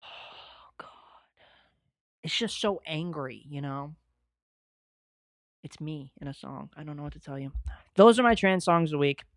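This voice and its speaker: Excitable, profane young man. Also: fairly high pitch, fairly quick, no echo, clean studio sound. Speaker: podcast host. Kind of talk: casual podcast monologue. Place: home studio at a desk.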